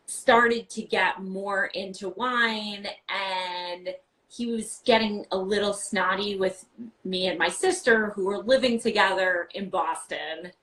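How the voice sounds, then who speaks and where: A woman in her forties from New York, chatting animatedly as a guest on a video-call interview, full of quick asides and "like" fillers. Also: medium pitch, fairly bright tone, rough recording. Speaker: guest, wine podcast host. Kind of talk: casual interview chat.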